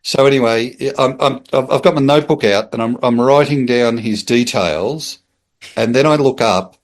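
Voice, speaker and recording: A middle-aged Australian man, a former police officer, telling a casual anecdote as a podcast guest, acting out the voices in his story and laughing as he goes. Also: medium pitch. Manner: lively storyteller who acts out voices and laughs mid-sentence.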